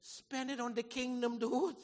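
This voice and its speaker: A man preaching a sermon in a church hall, folksy and animated, swinging from shouts to low asides. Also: a little slow. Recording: long hall reverb.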